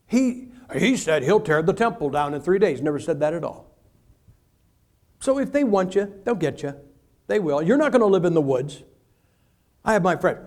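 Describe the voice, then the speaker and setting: A male preacher with a voice pitched a bit high. He delivers his sermon in a humorous, animated way, acting out short asides and stories. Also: normal speed, long pauses.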